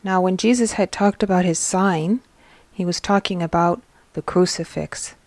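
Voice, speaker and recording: A woman's voice: lowish voice, moderate pace, darkish tone, no echo. A woman hosting a religious teaching episode, reading a book aloud and stopping to explain what it means in an earnest tone. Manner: earnest, explains as she reads. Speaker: host and reader.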